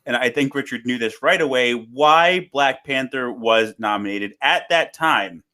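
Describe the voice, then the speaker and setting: A man's voice: medium pitch, measured pace, sharp tone. A man hosting a podcast in casual chat, talking earnestly and jumping eagerly into the conversation. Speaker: podcast host.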